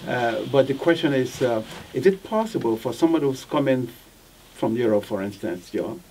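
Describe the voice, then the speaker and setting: A man's voice: mid-range voice, animated, moderate pace, darkish tone, a little hiss or hum. A man interpreting in an interview, relaying questions between the others with hesitant fillers and repeated words. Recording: voice picked up from a distance.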